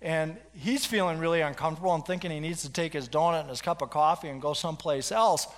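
A male pastor telling a story in a sermon, animated, with frequent restarts. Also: a little high, fast talker. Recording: long hall reverb.

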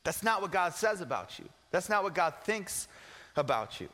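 A young man preaching with a high, bright voice, earnest but casual and full of slang and repeats. A long reverb trails each phrase, as in a big church sanctuary. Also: very animated, moderate pace. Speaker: pastor. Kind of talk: sermon.

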